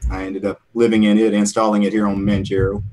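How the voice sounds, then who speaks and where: A man in a casual online group chat, laid-back and quick to laugh. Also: lowish voice, little pitch movement, darkish tone.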